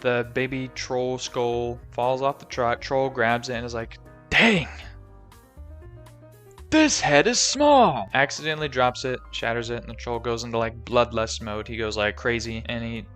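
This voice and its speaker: A man's voice: medium pitch, little pitch movement, moderate pace, hardly any pauses, fairly bright tone, clean tone. A young man recapping a movie plot in a casual, jokey, rambling way with lots of fillers. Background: faint background music.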